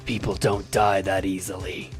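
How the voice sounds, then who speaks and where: A man voicing a menacing male kidnapper in a game, speaking slowly and low with mock courtesy. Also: level tone, soft background music, close to an everyday voice. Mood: silkily menacing.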